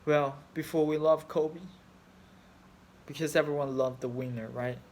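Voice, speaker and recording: A fan in his thirties from China talks through his grief in an emotional personal vlog, speaking non-native English with a Chinese accent. His voice is on the high side with a darkish tone and fairly even intonation, and he's unhurried. The talk is rambling, with broken phrasing and frequent swearing.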